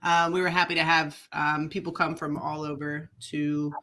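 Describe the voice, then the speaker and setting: Bright-voiced woman co-hosting. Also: sits low, little pitch movement, normal speed. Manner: chatty and playful, laughs easily. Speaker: podcast co-host. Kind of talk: casual chat.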